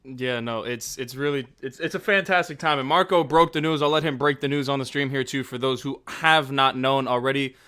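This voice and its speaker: A man's voice: medium pitch, fairly quick, few pauses, sharp tone, smooth. A man hosting a casual sports podcast, upbeat and chatty. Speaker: podcast host.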